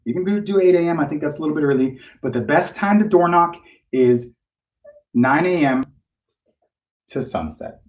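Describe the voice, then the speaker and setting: A man's voice: on the high side, moderate pace, long pauses, reverberant, recorded from a distance. A man coaching real estate agents in a live-streamed training talk, speaking bluntly and cursing freely. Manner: blunt, profane, animated.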